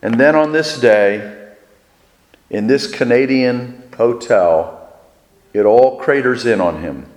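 A man preaching a sermon, telling a story slowly and deliberately with dramatic pauses. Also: mid-range voice, darkish tone. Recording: echoey hall with long reverb.

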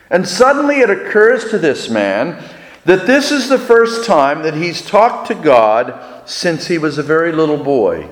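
A man preaching a sermon, telling a story slowly and deliberately with dramatic pauses. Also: a little high, sing-song. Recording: echoey hall with long reverb.

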